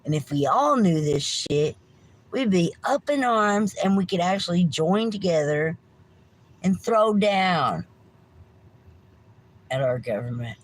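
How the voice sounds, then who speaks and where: A woman's voice: fairly low pitch, very animated, slow pace, long pauses, low-quality recording. A middle-aged woman, hosting a livestream with a meandering rant, swearing freely and apologizing often. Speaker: livestream host.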